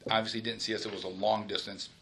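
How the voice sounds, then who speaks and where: A man, a police supervisor, recounts a shooting in detail during a formal interview, in halting runs with restarts and a polite "yes, sir.". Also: fairly low pitch, level tone, pushed and bright, a little hiss or hum. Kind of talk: recorded investigative interview.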